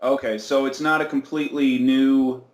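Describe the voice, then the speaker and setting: A man with a mid-range voice tells his story as an interview guest, playing out each person's lines in a lively way. The room sounds noticeably echoey. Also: medium pitch, normal speed. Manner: animated retelling, acts out quoted voices, laughs often.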